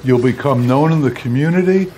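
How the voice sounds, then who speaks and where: A man's voice: on the high side, fairly quick, warm tone, a little hiss or hum. A man teaching an ice cream class, telling a story in an earnest and emphatic way, repeating points for effect. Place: seminar kitchen.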